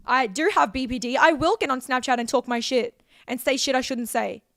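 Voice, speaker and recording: Heated woman in her twenties, high and gravelly. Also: fairly quick, fairly bright tone, no echo, studio quality. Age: 20s. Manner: heated, profane, emotional outpouring. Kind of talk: direct-to-camera vlog rant.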